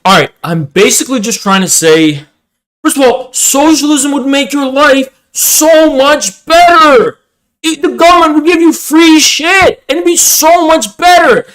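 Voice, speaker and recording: A man mocking a shrill whiny leftist pundit. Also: a bit bright, low-quality recording. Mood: exasperated, shrill. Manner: shrill, exasperated, insulting, drawn-out words. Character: whiny condescending young male leftist pundit.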